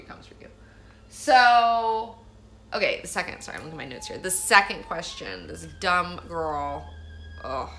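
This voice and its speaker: A woman's voice: lowish voice, bright, forceful tone. A woman vlogger telling a story in a rambling, profane way, filling her talk with "like.". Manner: rambling, profane, heavy use of "like". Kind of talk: casual storytelling monologue.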